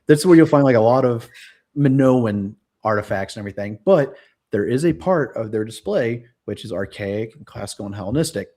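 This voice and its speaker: A man's voice: medium pitch, animated, fairly quick, warm tone. A young man hosting a casual live stream, rambling with lots of fillers and self-corrections. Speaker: host.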